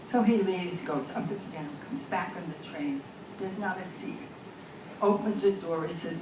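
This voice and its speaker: A woman's voice: fairly low pitch, moderate pace. An older woman doing stand-up comedy, telling stories with punchlines to a live audience. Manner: storytelling with punchlines. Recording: echoey and distant, with crowd noise.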